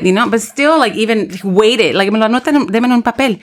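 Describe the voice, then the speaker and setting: A woman in her thirties co-hosting a casual chat show, telling lively stories and mixing English and Spanish. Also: on the high side, fast. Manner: lively storyteller, code-switches between English and Spanish. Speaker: podcast co-host.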